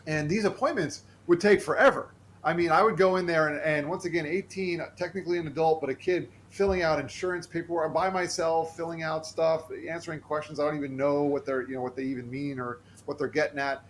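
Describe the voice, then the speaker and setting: A man who is a podcast guest, telling a personal story in an earnest, animated way and acting out the voices he quotes. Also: on the high side, a little fast, few pauses, slight background noise.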